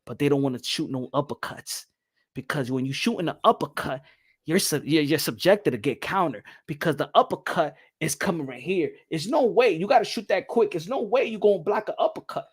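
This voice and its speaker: A man hosting a boxing show, talking in an animated, rambling way and slipping into Spanish. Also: a little high, fairly quick, husky. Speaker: boxing podcast host. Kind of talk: casual boxing commentary.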